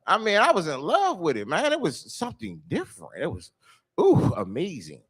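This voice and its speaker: A man doing a stand-up comedy set, telling a loose rambling story with lots of filler and swearing, breaking into shouted quoted voices. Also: sits high, wildly swooping pitch, normal speed, husky. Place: live comedy show venue.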